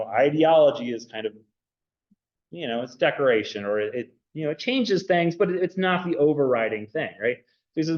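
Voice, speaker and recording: A man giving a casual classroom lecture on anthropology, chatty and loose, full of fillers and "right?" checks to the students. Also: fairly high pitch. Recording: dull roomy classroom recording.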